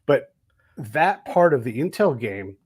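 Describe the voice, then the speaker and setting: A man's voice: mid-range voice, big pitch swings, takes it slowly, husky. A man hosting a podcast, telling stories in casual, profane talk and acting out the people he quotes. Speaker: podcast host. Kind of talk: casual interview chat, storytelling.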